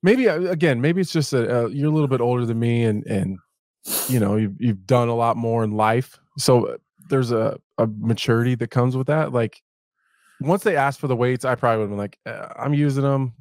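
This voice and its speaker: A man of medium pitch chats on a podcast, laughing often and hedging as he talks. His voice is close and dry, with no room sound. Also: fairly quick, a little mellow, no echo. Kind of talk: casual chat.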